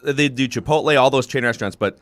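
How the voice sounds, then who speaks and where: A man hosting a casual sports podcast, relaxed and thinking aloud with hesitations. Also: mid-range voice, fast, no echo. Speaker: podcast host.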